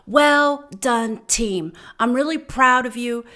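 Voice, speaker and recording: A cheery male English shuttle boss, as a woman puts him on, speaks with a faint mock accent. The delivery is warm and encouraging. The voice sits a little high. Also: takes it slowly. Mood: praising. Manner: warm, praising sign-off.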